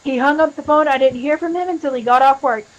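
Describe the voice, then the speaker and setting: A woman's voice: high-pitched, fast talker, low-quality recording. A woman talking candidly and emotionally on a live stream, swearing often as she tells her story. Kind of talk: confessional live-stream chat.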